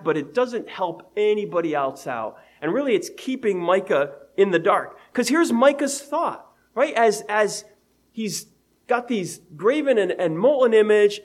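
A man with a voice pitched a little high for a man, delivering a sermon. He talks in an easygoing, conversational way, reads old scripture aloud, and chuckles at his own homely examples. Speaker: preacher.

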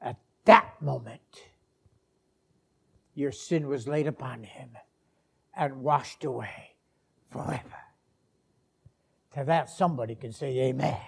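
A man preaching a sermon, dropping to hushed whispers and rising to shouted climaxes, with slow deliberate pauses. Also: mid-range voice, vocal fry, husky.

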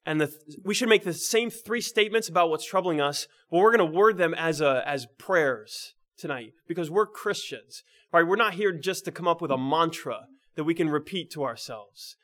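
A man preaching a sermon in a conversational way, often checking in with the listeners and restarting phrases, moving between emphatic lines and quiet, low ones. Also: lively intonation, moderate pace, hardly any pauses. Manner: restarts and repeats words mid-phrase.

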